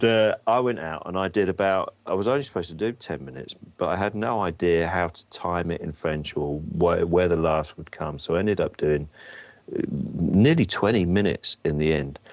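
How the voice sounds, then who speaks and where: A man with a very deep voice, telling his stories in an interview with a wry, self-deprecating manner and plenty of restarts. The sound is dry and a little dull. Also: measured pace, no echo. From England. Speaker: comedian guest. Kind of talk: anecdotal interview storytelling.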